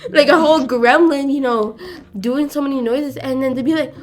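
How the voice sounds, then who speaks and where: Animated slangy young woman, high voice. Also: moderate pace, faint music behind. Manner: animated and slangy, heavy on filler 'like', acts out voices. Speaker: podcast co-host, younger sister. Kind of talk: casual chat. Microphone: close studio mic.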